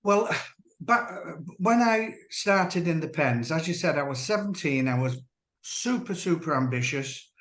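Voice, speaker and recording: A man, a former dolphin trainer, giving earnest personal testimony as an interview guest, measured and halting with restarts. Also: a little high, expressive, fairly bright tone. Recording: roomy echo.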